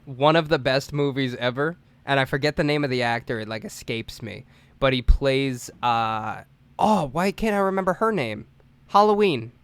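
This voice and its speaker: A man's voice: medium pitch, moderate pace, a bit bright, smooth, no room sound. A man co-hosting a casual podcast, rambling through movie stories with fillers and crude jokes. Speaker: podcast co-host. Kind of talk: casual chat.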